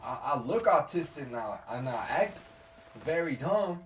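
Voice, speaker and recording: A man's voice: on the high side, very animated, unhurried. A man streaming a game while telling a rambling, slangy, profane story in casual chat. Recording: distant mic with faint noise.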